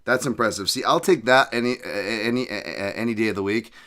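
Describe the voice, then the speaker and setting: A man's voice: lowish voice, fast, fairly bright tone. A man hosting a podcast, rambling casually with jokes and profane asides. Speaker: podcast host.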